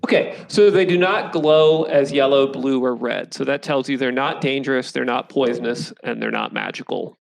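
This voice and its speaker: A man running a tabletop game as game master, describing scenes and answering players with quick yeps. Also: medium pitch, gravelly, low-quality recording.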